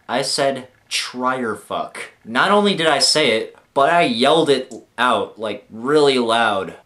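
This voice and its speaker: Young adult male vlogger, mid-range voice, animated self-deprecating storyteller. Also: mid-range voice. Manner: jokey, self-mocking, animated delivery. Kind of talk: comic storytelling to camera.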